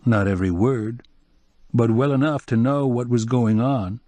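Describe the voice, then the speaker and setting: A man's voice: medium pitch, moderate pace, dark tone, no room sound, close to an everyday voice. A man voicing a wry, curious newspaper reporter in an audiobook, in a dry recording.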